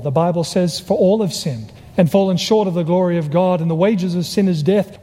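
A high-voiced Australian man preaches a sermon, telling his story with lively flair and acting out each character. His tone is dark and mellow, with a long reverb as if he were in a large hall. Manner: animated storyteller, acts out quoted voices.

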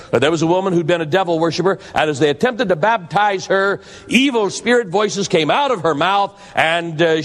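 A man preaching a sermon, earnest and warning, telling stories to make his point. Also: fairly high pitch. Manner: earnest, warning tone with storytelling asides. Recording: long hall reverb.

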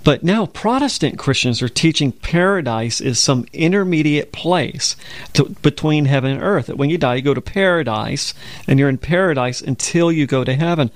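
Bible show co-host, man with a gravelly voice, earnest, dry studio sound. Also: on the high side, lively intonation, normal speed, no room sound. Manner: earnest storytelling, quotes scripture. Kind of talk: conversational religious broadcast.

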